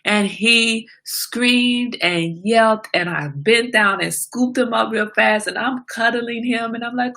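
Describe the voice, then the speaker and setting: A woman hosting a casual livestream who tells a story with animated delivery, greeting viewers and answering their comments along the way. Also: fairly high pitch, takes it slowly. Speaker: livestream host.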